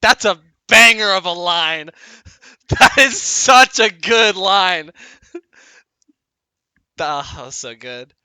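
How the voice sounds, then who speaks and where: Young man, dungeon master, casual narration, frequent laughter, high lively voice, smooth and clear. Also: takes it slowly, long pauses, dry recording. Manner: laughs often, trails off and restarts. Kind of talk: casual tabletop game narration.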